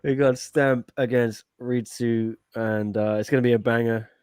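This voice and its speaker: A man's voice: medium pitch, steady tone, normal speed, darkish tone, clear, resonant tone, no room sound, studio quality. Laid-back male live stream host. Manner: laid-back, laughs often, loose sign-off. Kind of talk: casual live stream chat.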